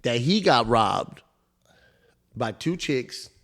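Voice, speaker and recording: Profane, animated male podcast storyteller. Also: medium pitch, takes it slowly. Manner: profane, animated storyteller acting out both sides of the dialogue. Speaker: podcast co-host. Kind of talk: casual storytelling chat.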